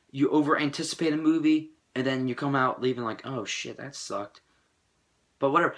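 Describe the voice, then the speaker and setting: A young man giving a casual, rambling movie review on his channel, with profane, excitable rants. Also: medium pitch.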